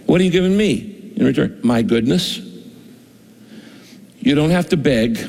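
Male pastor, conversational sermon, slightly high gravelly voice, echoing hall. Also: expressive, normal speed, pauses often, darkish tone. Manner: conversational preaching, acts out quoted voices.

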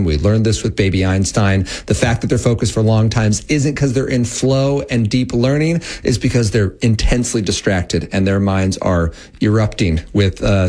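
Earnest man with a low voice. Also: darkish tone. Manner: earnest, explanatory. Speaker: guest, Christian tech educator. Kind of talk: interview conversation.

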